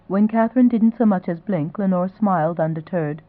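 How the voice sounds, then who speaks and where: Audiobook narrator, measured delivery, thin phone-like sound. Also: medium pitch, no room sound. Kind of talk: scripted novel narration.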